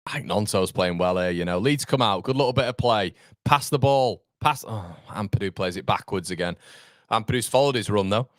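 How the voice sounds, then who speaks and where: A man in his thirties hosting a live football watchalong, chatting with viewers in an animated, rambling way that jumps between laughter and fed-up rants. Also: on the low side, brisk, no room sound, clean studio sound. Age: 30s. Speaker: fan channel host.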